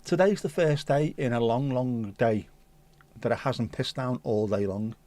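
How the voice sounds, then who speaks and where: A man's voice: medium pitch, unhurried, dark tone. Jokey man hosting a livestream. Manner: jokey, teasing, rambling. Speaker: livestream host. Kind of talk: casual livestream chat with viewers.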